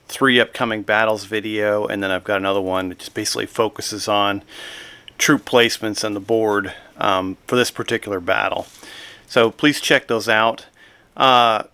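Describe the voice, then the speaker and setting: A man's voice: on the low side, clear, resonant tone, no room sound. Rambling man with a throaty morning voice. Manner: relaxed, rambling, many ums and uhs. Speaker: wargaming channel host. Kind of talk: casual solo tabletop game walkthrough. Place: home basement game room.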